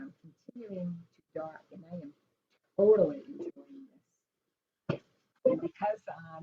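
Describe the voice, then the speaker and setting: Woman art teacher, low mellow voice, rambling and reflective, dull lo-fi recording. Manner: rambling, reflective, many fillers. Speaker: art instructor. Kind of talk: relaxed painting tutorial talk. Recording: dull lo-fi sound with faint noise.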